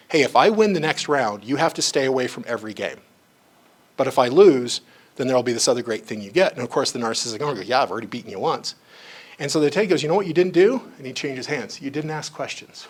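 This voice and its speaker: A man giving a staff training on psychology, talking conversationally and acting out the people in his stories. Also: mid-range voice. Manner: conversational, acts out quoted voices in stories; frequent asides like "you know" and "right". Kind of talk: training lecture with anecdotes.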